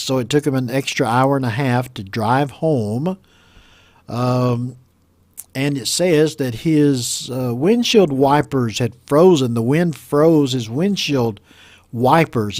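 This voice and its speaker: A man with an American accent teaching English pronunciation, reading a news story aloud and explaining words slowly and patiently. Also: mid-range voice, a little mellow, dry recording. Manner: slow, patient, repeats words for learners.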